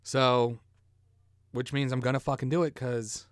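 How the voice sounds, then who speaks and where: A man rambles through crude jokes on his solo podcast, teasing himself and cackling at his own lines. His voice sits at an ordinary middle pitch and sounds dry and close, with no room around it. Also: steady tone, fairly quick, no room sound. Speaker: podcast host. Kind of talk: casual solo podcast joking.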